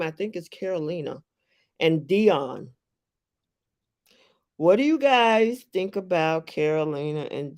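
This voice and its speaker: Host on a home live stream, mid-pitched voice, talks slow and easy, chats and reads out viewer comments. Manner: unhurried, chatty, reads viewer comments aloud. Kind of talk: casual live chat about a reality show.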